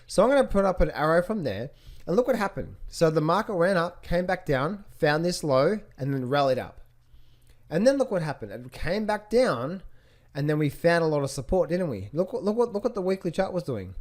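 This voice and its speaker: A man's voice: fairly high pitch, big pitch swings, a little fast, a little mellow. Man coaching trading on screen. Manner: rhetorical questions, repeats phrases. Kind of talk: screen-share chart walkthrough.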